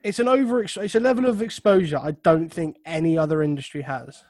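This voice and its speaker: A man's voice: on the high side, a little fast, darkish tone, no echo, clean studio sound. A man co-hosting a football podcast, telling anecdotes with wry humor in a casual chat. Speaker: podcast co-host.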